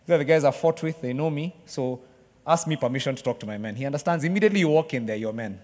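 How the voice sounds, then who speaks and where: A man preaching a sermon in a conversational way, joking with the congregation and bursting into excited cheering. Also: medium pitch, quick pace, long reverb tail.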